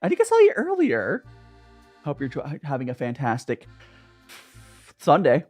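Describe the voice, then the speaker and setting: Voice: medium pitch, wildly swooping pitch, moderate pace, darkish tone, soft background music. A young adult streamer chatting casually over tea, rambling and greeting viewers by name. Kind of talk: casual chat while drinking tea.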